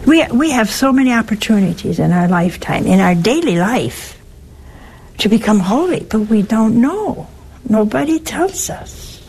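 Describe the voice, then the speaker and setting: A woman's voice: on the high side, big pitch swings, moderate pace, darkish tone, slightly rough, low-quality recording. A woman giving a spiritual teaching talk, wry and teasing, with emphatic turns. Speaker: religious speaker.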